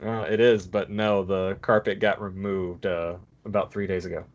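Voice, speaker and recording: Laid-back low-voiced man chatting. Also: flat delivery, moderate pace, highs cut off. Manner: easygoing, chatty, laughs along. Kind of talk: casual chat.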